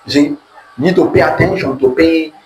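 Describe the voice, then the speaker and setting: A man's voice: fairly high pitch, fairly quick, faint music behind. A man with a Nigerian accent teaching in sermon style, calling on his audience to repeat key words back to him. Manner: call-and-response, asks audience to repeat words. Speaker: preacher teaching on relationships. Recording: echoey room with faint background noise.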